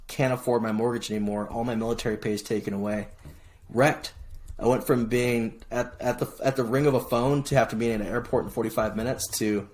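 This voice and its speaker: A middle-aged man from Hawaii, a podcast guest telling his story in casual, lively chat, often restarting phrases. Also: medium pitch. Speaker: podcast guest, military veteran.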